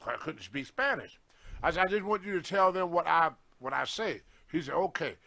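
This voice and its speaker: Older man, high voice, animated storyteller who acts out the voices in his tale. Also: moderate pace, creaky. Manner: animated anecdote, acting out quoted lines. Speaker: guest storyteller on a wrestling show. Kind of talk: casual storytelling.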